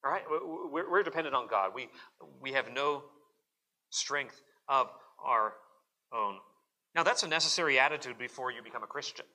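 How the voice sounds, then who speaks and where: A man's voice: medium pitch, expressive, normal speed, sharp tone. A pastor preaching a sermon at a church service in an earnest, emphatic way, often repeating words as he presses a point.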